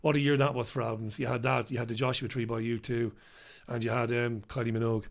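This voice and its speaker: Chatty british bloke hosting a live stream, rambles along reading out viewer comments. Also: male voice, mid-range voice, level tone, quick pace, gravelly. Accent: British English. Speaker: host. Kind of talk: casual live-stream chat.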